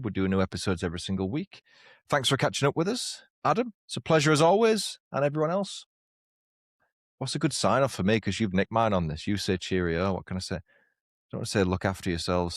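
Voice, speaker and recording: A man with a lowish voice chats easily as a podcast co-host and often breaks into laughter at his own jokes. The sound is dry and close, with no room around it. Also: dry recording. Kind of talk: casual chat. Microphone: lapel mic on walks, studio mic here.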